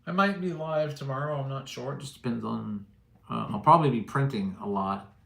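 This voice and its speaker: A man's voice: medium pitch, brisk, gravelly, a bit bright. A middle-aged man hosting a casual livestream, joking easily and answering viewers' chat. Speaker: livestream host. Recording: echoey room.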